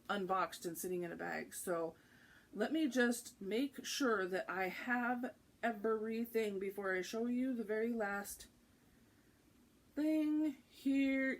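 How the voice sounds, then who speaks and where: A woman vlogger with a fairly high voice chats excitedly and casually to camera while unboxing a craft box. She drops frequent ums and little laughs.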